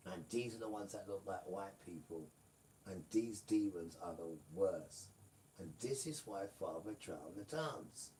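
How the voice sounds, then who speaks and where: A man's voice: sits low, a little slow, dark tone. A man giving a rambling, emphatic live-stream monologue, often turning to his audience. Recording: distant mic with faint room noise.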